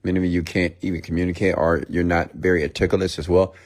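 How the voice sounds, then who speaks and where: A man giving a blunt, lecturing motivational monologue, sometimes dropping to a hushed near-whisper. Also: low voice, little pitch movement, fast talker. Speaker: motivational speaker.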